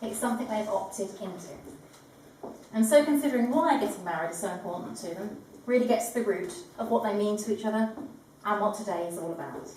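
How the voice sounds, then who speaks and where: A woman's voice: medium pitch, brisk, warm tone, a little hiss or hum. A woman officiating a wedding, delivering a formal ceremony address with a composed, lightly humorous manner. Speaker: wedding celebrant. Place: large echoing room at a ceremony. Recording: echoey room from far off.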